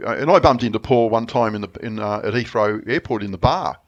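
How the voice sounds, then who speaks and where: A middle-aged Australian man chatting casually, telling a long story with many restarts and getting animated when he quotes people. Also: on the low side, fast talker, muffled recording. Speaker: friend sharing memories. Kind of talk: casual chat.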